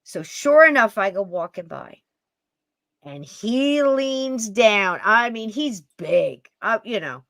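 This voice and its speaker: Woman, podcast host, lively storyteller, dry close sound. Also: medium pitch, takes it slowly, dry recording. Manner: lively, laughs while telling stories. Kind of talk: animated storytelling.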